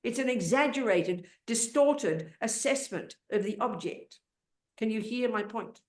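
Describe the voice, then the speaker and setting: A woman's voice: fairly high pitch, animated, a little slow. Blunt older woman teaching in a roomy hall. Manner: blunt, interrupting, emphatic, talks over the questioner. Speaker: Buddhist nun and teacher. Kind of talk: dharma teaching, question and answer. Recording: roomy echo.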